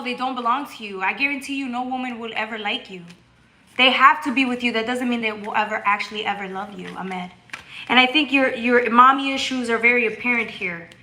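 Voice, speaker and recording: A woman hosting a tarot livestream in casual, blunt chat with her viewers. Her voice is bright and a touch high, and a faint hum of room noise sits behind her. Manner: blunt and scolding, reads chat aloud, bursts into loud laughter. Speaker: tarot reader and livestream host.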